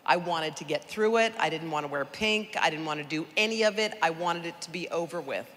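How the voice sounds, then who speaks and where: A middle-aged woman giving a personal storytelling speech at a charity gala, lively and conversational, talking straight to the audience. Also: low-pitched, a little fast. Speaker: guest speaker at a charity gala. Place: large event hall. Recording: echoey large hall, faint noise.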